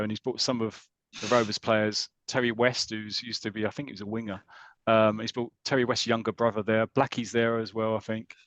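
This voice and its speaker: A British man on a podcast, casually retelling a football comic story with lots of ums and restarts, dropping into quick voices for the characters. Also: lowish voice, a bit bright, dry recording. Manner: chatty, hesitant with many ums and restarts, slips into voices for the characters. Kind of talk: casual chat.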